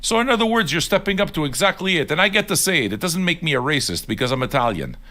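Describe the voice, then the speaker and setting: Bright, lively-voiced older man ranting. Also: a little high, fast talker. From Neapolitan heritage. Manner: blunt, sweary and argumentative, addressing viewers directly. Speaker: livestream host. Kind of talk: profane casual rant on a livestream.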